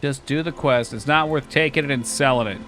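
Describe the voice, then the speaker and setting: A man streaming a game live, chatting casually and excitably, joking and swearing often. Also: mid-range voice, fairly quick, slight background noise.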